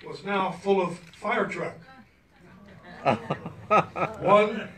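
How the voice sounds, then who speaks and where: A man's voice: high voice, extremely slow, a bit bright. A man from Arkansas reading his own story aloud to an audience, wry and chuckling as he goes. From Arkansas, USA. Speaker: guest speaker. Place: event hall at a cultural center. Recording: roomy hall, mic at a distance.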